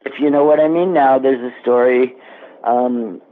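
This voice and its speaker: A man in his seventies, a guest actor, telling stories in an animated, casual interview chat. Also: medium pitch, normal speed. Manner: animated storyteller. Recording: tinny phone-like line.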